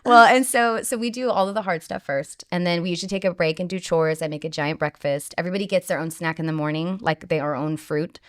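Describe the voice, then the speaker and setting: A woman in her thirties, a homeschooling mother talking about her family in a relaxed, animated interview, with frequent laughs and lots of "like". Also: fairly low pitch, fast talker, few pauses, no echo, clean studio sound. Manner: bubbly, animated, laughs often, many "like"s. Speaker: podcast guest, homeschooling mom. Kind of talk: casual interview chat.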